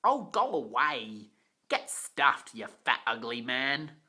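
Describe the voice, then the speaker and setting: A reader voicing a gloating male demon steam engine villain who talks in a slow, drawn-out, mocking way, in an amateur storybook reading. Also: mid-range voice, very animated, pushed and bright, breathy edge, full character voice.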